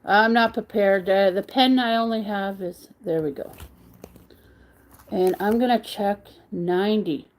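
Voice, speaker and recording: A middle-aged woman hosts a relaxed livestream and chats with her viewers. She talks slowly and easily and greets people by name as their messages come in. Her voice sits at an ordinary middle pitch. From Canada. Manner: chatty, greeting viewers by name while reading the chat. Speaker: crochet livestream host. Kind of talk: casual livestream chat.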